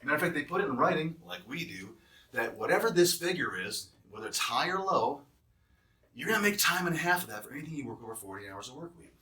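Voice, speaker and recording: In a fairly high, very animated voice with a sharp tone and quick pace, a man who recruits travel nurses explains a job offer. His breakdown of the hourly pay turns heated and emphatic, a walkthrough that becomes a rant, heard through roomy echo on a distant mic.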